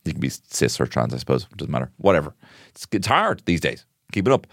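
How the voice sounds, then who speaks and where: Man, very deep voice, lively swooping intonation, rambling sweary podcast host. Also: fast, creaky, dry recording, clean studio sound. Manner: rambling, self-mocking, sweary. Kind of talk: comic solo podcast monologue.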